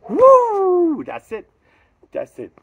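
A man hosting a sports vlog outro, rowdy, profane and hyped, rambling between shouts. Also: mid-range voice, lively intonation, normal speed, vocal fry, slightly rough, lo-fi sound. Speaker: vlog host.

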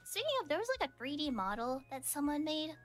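A woman's voice: high-pitched, lively intonation, fast, soft background music. A young woman streamer chatting casually, rambling and teasing with frequent giggles.

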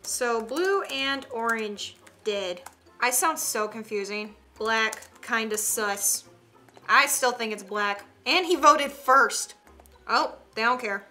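A young woman with a lilt talks through an online game she streams from home. Her voice is bright and a little high, quick to gasp and giggle as she chats with her fans. Soft game music plays faintly behind her. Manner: excitable, chatty, quick gasps and giggles. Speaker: gaming streamer. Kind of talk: casual gameplay commentary.

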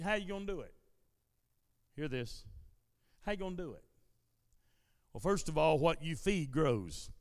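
A male pastor preaching a sermon in a church service. He repeats his lines in a steady preaching cadence and builds them up into shouted declarations. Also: high voice, clear, resonant tone, no room sound, studio quality, in a large hall. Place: church sanctuary during a service.

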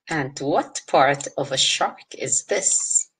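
A woman's voice: low voice, expressive, slow, fairly bright tone, breathy edge. A woman teacher giving a phonics lesson to young children, sounding out letters and words one by one. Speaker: kindergarten teacher.

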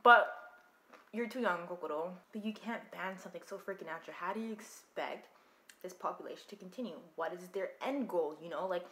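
A young woman casually reacting to an anime, talking back to the screen in an expressive way. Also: lowish voice, fairly quick, roomy sound, slight background noise. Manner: expressive, talks back to the screen, shrieks and laughs.

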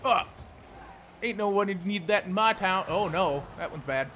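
A young man commentating his own gameplay, frustrated, swearing and yelling at his teammates. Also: sits high, measured pace, a little hiss or hum. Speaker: gameplay streamer.

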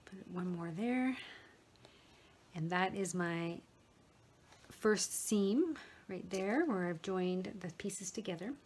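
A middle-aged woman explaining a sewing project step by step in a relaxed manner, talking while she works with her hands. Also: medium pitch, slow, pauses often, slight background noise. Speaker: sewing tutor. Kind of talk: step-by-step craft tutorial.

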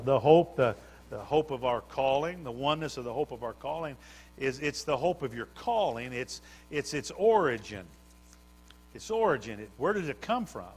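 A man preaching a sermon, building fervor through repeated phrases. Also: mid-range voice. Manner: preaching with rising fervor and repetition. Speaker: pastor.

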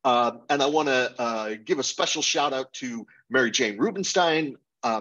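A man presenting a project update in a webinar, halting with fillers and restarts. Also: medium pitch, lo-fi sound. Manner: halting, many fillers, animated plugs.

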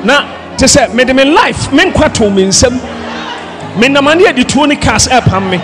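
A man from Ghana, a pastor, preaching a fiery sermon with shouted, impassioned delivery over loud music and a crowd. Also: very high voice, expressive, moderate pace.

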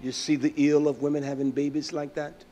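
A man preaching a sermon in a fiery, scolding style that drops to a quiet, storytelling voice. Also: on the high side, flat delivery, fairly quick, a little hiss or hum.

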